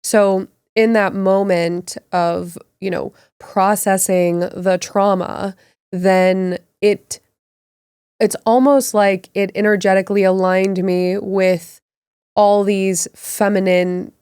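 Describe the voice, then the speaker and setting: A woman's voice: medium pitch, fairly even intonation, slow, darkish tone, smooth, dry recording, studio quality. A woman co-hosting a podcast, speaking reflectively and casually with many "like" fillers. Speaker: podcast co-host. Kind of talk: casual conversational storytelling.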